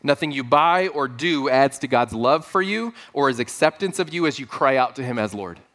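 Male pastor, mid-pitched, earnest sermon delivery with emphatic repetition. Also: expressive, moderate pace, a bit bright. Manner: earnest, emphatic, with repeated phrases.

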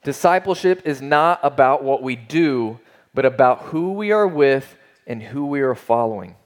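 A man's voice: mid-range voice, expressive, normal speed. A man preaching a sermon, earnest and emphatic, asking rhetorical questions and repeating phrases for weight. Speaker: pastor.

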